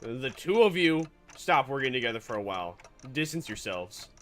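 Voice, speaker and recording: Lively, joking male game streamer. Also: medium pitch, normal speed, soft background music. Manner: animated, joking, sarcastic, laughs often. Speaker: VTuber streamer. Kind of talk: let's-play commentary and reading narration aloud.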